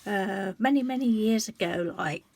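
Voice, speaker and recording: A woman's voice: mid-range voice, normal speed, vocal fry, darkish tone. A woman in her sixties, talking heartfelt and confiding in a rambling way to her vlog viewers, often breaking off and restarting her sentences. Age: 60s. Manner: rambling, self-interrupting storytelling; emotional and confiding. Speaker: colouring book vlogger. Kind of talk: heartfelt casual chat.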